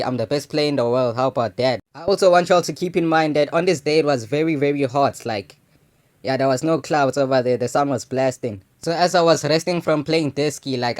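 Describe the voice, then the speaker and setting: A young adult man telling a personal story in a loose, slangy way, filling his talk with casual asides. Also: mid-range voice. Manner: slangy and loose, full of "you know what I'm saying" fillers. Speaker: channel host.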